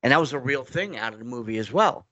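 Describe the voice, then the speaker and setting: A man's voice: mid-range voice, expressive, fast, pushed and bright, no room sound, highs cut off. Rambling New man, dry sound. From New York. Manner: rambling, restarts often, acts out quoted dialogue. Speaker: guest. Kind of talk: casual interview storytelling.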